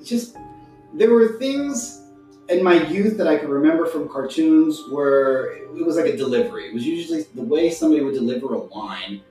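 A man's voice: fairly high pitch, normal speed, roomy sound, soft background music, rough recording. A man who is a voice actor, chatting casually as a podcast guest and slipping into character voices. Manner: animated, slips into character voices.

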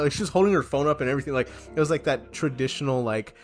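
A man's voice: mid-range voice, rapid-fire, few pauses, faint music behind. A young man co-hosting a podcast in casual chat, rambling with lots of fillers and swearing, acting out little quoted exchanges. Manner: rambling, heavy filler and swearing, animated impressions. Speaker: podcast co-host.

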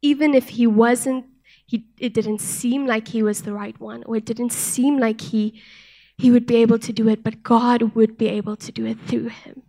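Young woman, church speaker; soft-spoken, earnest testimony, somewhat high voice. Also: fairly even intonation, moderate pace. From South Africa. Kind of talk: sermon with personal testimony.

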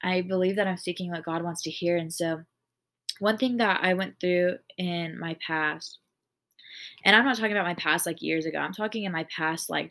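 A woman's voice: fairly low pitch, gravelly, a bit bright. A woman hosting a casual faith podcast, talking earnestly and rambling, with lots of "like". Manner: earnest, rambling, heavy use of "like". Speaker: podcast host.

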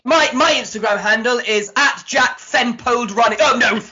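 A man putting on a posh, flustered voice as an impression of his co-host, loudly tripping over his own words on a lo-fi podcast recording. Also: extremely high pitch, moderate pace, pitched above the performer's own voice, heavily acted. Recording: dull lo-fi podcast audio.

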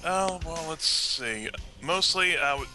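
Male co-host with a sharp bright voice, rambling and casual. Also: a little high, lively intonation, slow, faint music behind. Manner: rambling, self-correcting. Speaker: podcast co-host. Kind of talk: casual comedic podcast banter.

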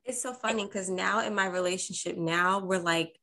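A woman's voice: medium pitch, fairly even intonation, normal speed, pushed and bright. A woman in casual chat, telling a story animatedly and acting out quoted voices.

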